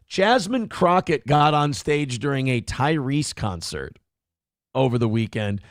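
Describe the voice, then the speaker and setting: A man's voice: mid-range voice, animated, measured pace, no echo, clean studio sound. A middle-aged man hosting a morning show, with crude, sarcastic and mocking commentary. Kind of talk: casual live-stream commentary.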